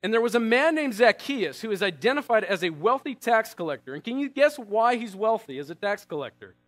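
A man's voice: high-pitched, very animated, brisk, a bit bright. A man preaching a sermon in a conversational way, asking the congregation rhetorical questions. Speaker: pastor.

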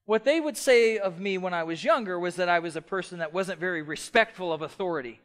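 A middle-aged pastor preaches with passion in a high voice, talking fast. He swings between loud, emphatic passages and soft, quiet ones.

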